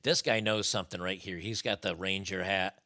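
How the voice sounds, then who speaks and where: A man's voice: deep voice, fairly even intonation, moderate pace, heavy background noise. A man hosting a live stream with casual political commentary, blunt, profane and mocking.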